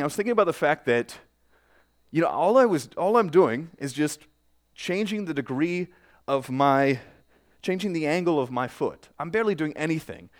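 A young man preaching in church, chatty and self-deprecating, with joking asides and a heartfelt prayer. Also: on the high side. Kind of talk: casual sermon with prayer. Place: church sanctuary. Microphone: microphone with feedback.

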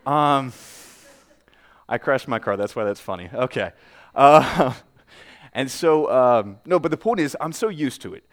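Young male pastor, chatty and self-deprecating, mid-pitched, preaching into a church mic. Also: animated, a little slow, pauses often. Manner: conversational, self-deprecating, joking asides. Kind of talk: casual sermon with prayer. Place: church sanctuary. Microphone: microphone with feedback.

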